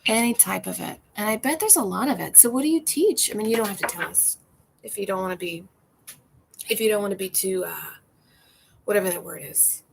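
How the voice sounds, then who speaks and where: A woman's voice: medium pitch, a little fast, vocal fry, rough recording. A woman with a mid-range voice chats loosely with her viewers over a drink, rambling from one thought to the next and laughing often. She talks from her porch, with faint ambient noise in the background. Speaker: livestream host reading viewer comments. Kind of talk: casual chat over a cocktail.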